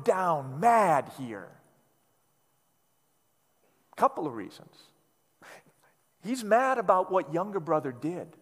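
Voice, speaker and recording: A man preaching a sermon as pastor, emphatic and repetitive, letting phrases sink to a quiet, low finish. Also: big pitch swings, slow pace, pauses often. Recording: long hall reverb.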